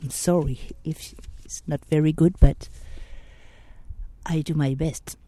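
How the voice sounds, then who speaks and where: A woman's voice: sits low, steady tone, takes it slowly, dark tone. A woman with a French accent hosting a podcast, speaking earnestly and choosing her words with care. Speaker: podcast host. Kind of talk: podcast monologue.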